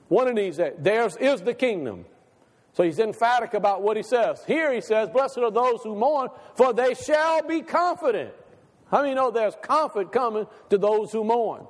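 A man with a notably high voice preaches a Sunday sermon, asking the congregation question after question and repeating his points for emphasis. A long reverb from a large hall trails each phrase. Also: darkish tone. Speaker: pastor. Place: church sanctuary.

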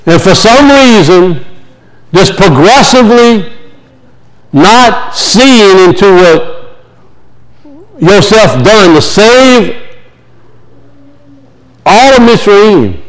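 A man's voice: high voice, rough recording. A man preaching a sermon, telling stories in a folksy, plain-spoken way. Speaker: pastor.

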